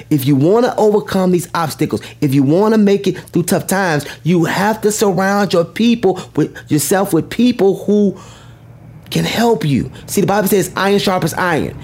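A man's voice: sits high, a little mellow, husky. A man giving a motivational speech, emphatic and preacher-like, repeating his key lines and asking the audience questions. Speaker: motivational speaker.

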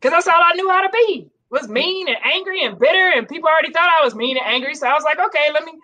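A woman guest talks candidly in a casual interview. She pokes fun at herself and laughs often. Her voice is high-pitched. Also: lively intonation, fast, bright, forceful tone, dull audio.

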